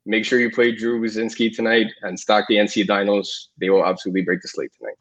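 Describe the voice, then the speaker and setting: A man, a podcast guest, giving quick, confident betting tips with lots of fillers. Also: on the low side, flat delivery, a bit bright. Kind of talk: casual podcast chat. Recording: dull lo-fi audio.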